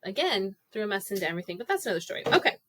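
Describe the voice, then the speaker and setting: A woman in her forties co-hosts a casual podcast chat, speaking into a podcast microphone in a mid-range, sing-song voice at a very fast clip. She tells stories chattily and puts on voices for the people she quotes, with some background noise behind her.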